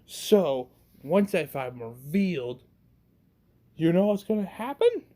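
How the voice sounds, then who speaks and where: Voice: medium pitch, sing-song, slow. Narrator as a weary, secretive teen hero. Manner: quiet, sighing, hesitant.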